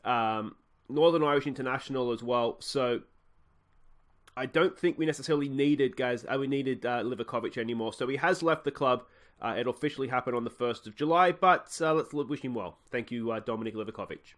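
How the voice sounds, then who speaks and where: A man's voice: mid-range voice, fairly quick. An Australian man hosting a video game let's play, chatting casually and thinking aloud with frequent fillers.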